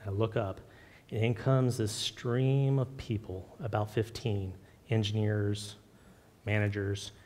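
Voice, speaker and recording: A man preaching an informal sermon with personal testimony, earnest and halting, with many fillers and restarts. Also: steady tone, warm tone. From Oregon. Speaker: lay preacher. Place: church sanctuary. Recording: long hall reverb, faint rumble.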